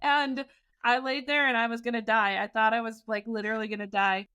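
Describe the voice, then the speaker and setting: A woman in her forties, a podcast co-host, telling a scary personal story in a casual, animated way, often laughing. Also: fairly high pitch, quick pace, clear, resonant tone.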